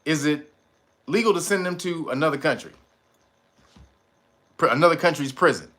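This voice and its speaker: A man's voice: fairly high pitch, normal speed, fairly bright tone. A man hosting a casual livestream, talking in profane street slang, laughing often and answering his viewers' chat. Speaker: livestream host.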